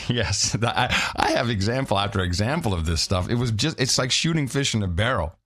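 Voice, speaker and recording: Brief: male podcast co-host, animated swooping delivery, teasing. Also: fairly low pitch, brisk. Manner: playful, mocking, laughs often. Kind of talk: casual chat.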